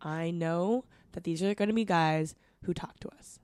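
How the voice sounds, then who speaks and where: A woman's voice: lowish voice, moderate pace, dry recording. A woman co-hosting a podcast, telling a story in casual chat and mimicking the people in it. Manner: animated storyteller, mimics people in her anecdotes. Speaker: podcast co-host.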